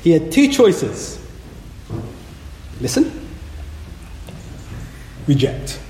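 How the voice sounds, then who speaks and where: A man preaching a sermon in a church, earnest and measured, leaning hard on key words. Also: fairly high pitch, huge pitch swings, dark tone, a little hiss or hum. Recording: echoey hall with long reverb.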